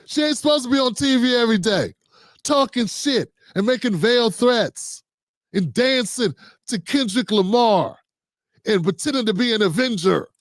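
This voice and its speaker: A middle-aged man reacting to news clips with animated, exasperated rants and frequent swearing. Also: very high voice, normal speed, dry recording, studio quality. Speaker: political commentary streamer.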